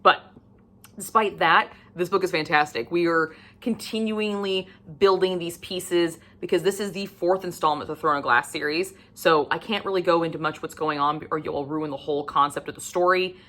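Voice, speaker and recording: A woman book vlogger chatting casually and gushing about what she is reading, animated and cursing freely. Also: on the low side, normal speed. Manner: gushing and animated, with frequent swearing. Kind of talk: casual book review chat.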